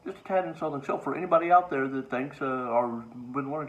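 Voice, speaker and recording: A man's voice: on the high side, fast talker, fairly bright tone, muffled recording. Exasperated, wry male comedian telling a story. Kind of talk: casual monologue to camera.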